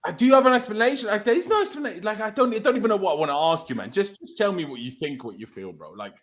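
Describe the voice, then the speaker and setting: Bloke, high-pitched, furious swearing rant after a match. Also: male voice, expressive, rapid-fire, a bit bright. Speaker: football fan channel host. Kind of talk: angry post-match rant.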